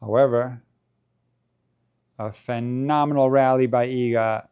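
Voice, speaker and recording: A man hosts a casual live stream, calling a tennis match shot by shot. His voice is mellow and warm, and his chatty delivery lifts at the big points. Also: mid-range voice, a little slow, smooth. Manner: chatty play-by-play, rising in excitement at big points. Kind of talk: casual live watchalong commentary.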